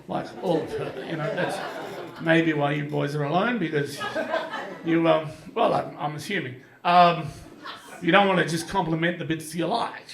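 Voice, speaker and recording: A man's voice: fairly high pitch, fairly even intonation, moderate pace, gravelly, crowd noise. A man in his fifties with an Australian accent doing live stand-up, rambling, crude and self-mocking, with lots of fillers and restarts. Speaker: stand-up comedian. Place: comedy club stage, audience laughing.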